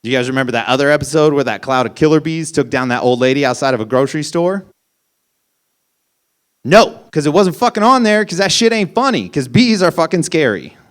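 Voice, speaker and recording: A man's voice: a little high, expressive, fairly quick. A young man performing a stand-up comedy set, ranting incredulously with lots of swearing. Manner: profane, incredulous, ranting punchlines.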